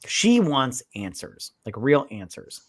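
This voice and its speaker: A man chatting loosely about a film, slipping into mocking voices for the characters and swearing as he goes. His voice sits at an ordinary pitch and sounds dry and close. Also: very animated, takes it slowly, dry recording. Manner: retells scenes in mocking put-on voices, swears freely. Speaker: podcast co-host. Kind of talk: casual drunk movie review chat.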